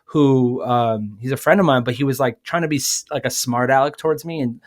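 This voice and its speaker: A man chatting as a guest on a podcast, spinning a lively personal anecdote. He talks casually, piles up fillers and restarts, and slips into other people's voices as he goes. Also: mid-range voice, fairly quick. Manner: animated, acts out quoted voices; frequent fillers and self-corrections. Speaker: guest musician. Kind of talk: casual storytelling.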